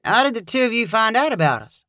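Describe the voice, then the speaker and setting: An eager young male bulldozer instructor, friendly but a little forced in his politeness, as a woman narrator speaks his lines. His lines swing through a lively range of pitch, and the close, dry recording has no echo at all. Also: fast talker.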